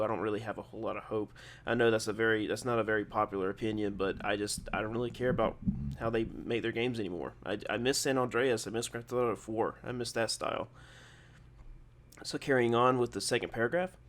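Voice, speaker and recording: A man's voice: fairly low pitch, a bit bright. A young adult man hosting a gaming channel, giving casual video game commentary in a rambling, digressive way, often correcting himself and partly reading from his own post.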